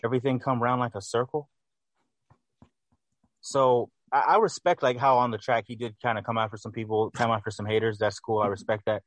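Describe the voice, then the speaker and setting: A man's voice: lowish voice, fairly even intonation, quick pace, few pauses, no echo. A man co-hosting a casual album review, critical and hesitant, correcting himself often.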